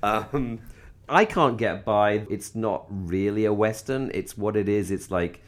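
A man's voice: fairly low pitch, measured pace. A man co-hosting a casual fan podcast, rambling with many restarts and asides. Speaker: podcast co-host.

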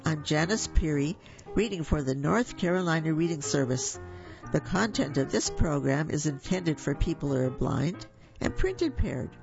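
A woman reading a children's story aloud for a radio reading service, in a slow, gentle manner. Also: deep voice, gravelly, highs cut off. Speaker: volunteer reader for a reading service.

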